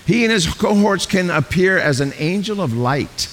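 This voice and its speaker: A man preaching a sermon as a pastor, animated and acting out the voices he quotes. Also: high voice, moderate pace. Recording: long hall reverb with faint hiss.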